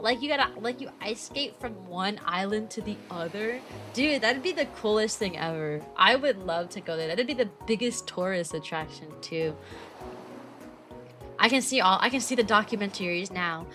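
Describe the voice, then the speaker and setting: A woman's voice: mid-range voice, animated, moderate pace, a bit bright, soft background music. A young woman, chatting casually on a stream in a bubbly, rambling, playful way.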